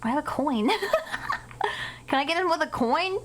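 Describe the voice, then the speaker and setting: A woman streaming a horror game live, excitable and cursing a lot, shrieking whenever something startles her. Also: sits high, unhurried, low-quality recording. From United States. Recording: loud game noise behind the voice.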